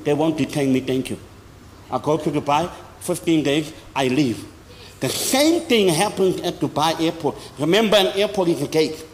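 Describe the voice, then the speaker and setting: A man preaching a sermon as an apostle, with sudden loud high bursts and slow emphatic phrases. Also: lively intonation. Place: large church hall. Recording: long hall reverb, faint noise.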